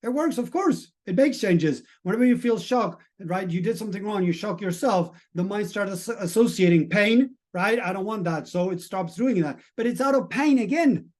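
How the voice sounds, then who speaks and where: A man's voice: high-pitched, lively intonation, moderate pace, hardly any pauses. A middle-aged man, a mindset coach, giving an earnest, emphatic live-streamed motivational talk and asking the chat audience questions.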